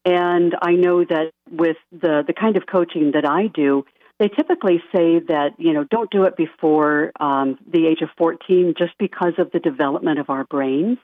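Woman, phone-line sound, dry, soft-spoken, earnest, radio guest. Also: lowish voice, moderate pace, no echo. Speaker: life coach guest. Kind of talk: radio interview answers.

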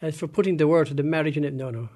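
Husky elderly Irish man, soft-toned. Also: fairly high pitch. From Ireland. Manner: halting, plain-spoken, trails off often. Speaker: interviewee, former industrial school resident. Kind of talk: recorded interview recollection.

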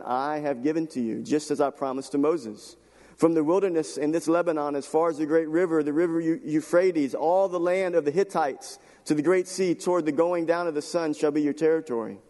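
Pastor guy preaching, a bit high voice, gets fervent and emotional, long echo from the church hall. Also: mellow. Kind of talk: sermon. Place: church sanctuary.

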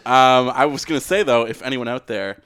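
A man co-hosting a podcast in casual chat, with wry, deadpan quips. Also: medium pitch, a little fast, smooth, no echo, studio quality. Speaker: podcast co-host.

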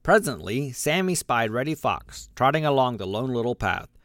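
A man narrating a children's storybook aloud, lively and expressive, giving the animals their own voices. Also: mid-range voice, normal speed, no echo, studio quality. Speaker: audiobook narrator.

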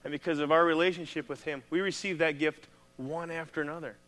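A man with a Midwestern American accent, a pastor preaching a sermon in a conversational, animated way. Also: on the high side, fast.

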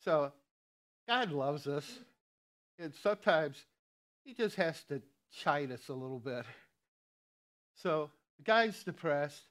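A man's voice: a little high, lively intonation, takes it slowly, long pauses, a bit bright. A man preaching a sermon in a conversational way, with frequent chuckles and asides. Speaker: lay preacher.

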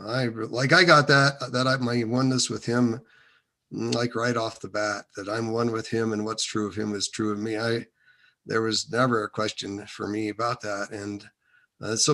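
A man's voice: mid-range voice, sharp tone. A man being interviewed, telling his own faith story in a loose, rambling way with many restarts and fillers. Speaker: interview guest. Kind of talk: casual testimony.

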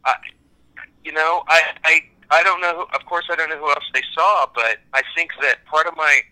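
An American man from Kansas, an actor, chatting casually in an interview in a rambling, animated, self-deprecating way. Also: a little high, normal speed, smooth, rough recording. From Kansas, United States. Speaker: actor guest.

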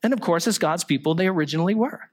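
A man's voice: high voice, expressive, fast. A male pastor delivering a sermon, explaining scripture through rhetorical questions and the occasional small joke.

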